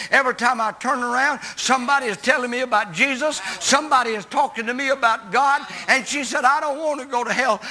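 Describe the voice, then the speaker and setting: A man's voice: very high-pitched, pushed and bright. A man preaching a sermon, telling a story in a folksy, emphatic way.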